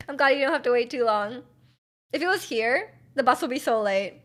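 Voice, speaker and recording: A young woman from Canada chatting on a live stream in a high, bright register. She talks in quick, giggly bursts packed with "like" and "um". Her mouth sounds dry after hours of talking. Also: lively intonation. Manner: chatty, giggly, lots of fillers. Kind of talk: casual chat with live chat.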